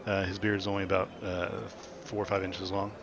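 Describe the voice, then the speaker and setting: A man's voice: sits low, monotone, fairly quick, noisy background. A man narrating as game master, describing scenes with many restarts and ums.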